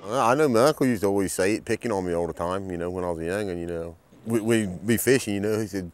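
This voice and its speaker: A man's voice: low-pitched, fast talker, hardly any pauses, no room sound. A man with an Outer Banks brogue, a fisherman telling stories in a casual interview, full of restarts. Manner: lively storytelling with restarts.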